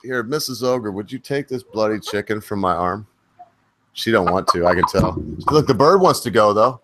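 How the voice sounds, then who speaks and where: A man's voice: fairly low pitch, expressive, moderate pace, a bit bright, a little hiss or hum. A man hosting a live stream, joking and chatting crudely. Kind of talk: casual chat.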